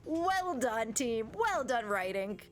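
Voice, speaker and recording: A woman's voice: on the high side, slow pace. A young American woman streaming a visual novel, reading its lines aloud and breaking off into chatty, giggly commentary. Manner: chatty, giggly, reads game lines aloud with animated asides. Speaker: gaming streamer.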